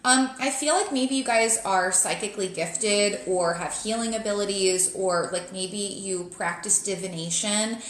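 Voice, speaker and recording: A woman's voice: mid-range voice, a little slow, few pauses, a bit bright, roomy sound. A woman in her thirties with a New Jersey accent, giving a live tarot reading in a chatty, blunt way. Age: 30s. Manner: chatty, blunt, laughs often, lots of "like". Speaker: tarot reader.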